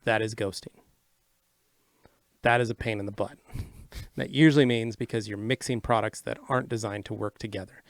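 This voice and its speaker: Man, casual livestream co-host, brisk explainer, dry close sound. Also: on the low side, fairly even intonation, gravelly, no echo. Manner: brisk, matter-of-fact explaining. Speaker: co-host reading viewer questions.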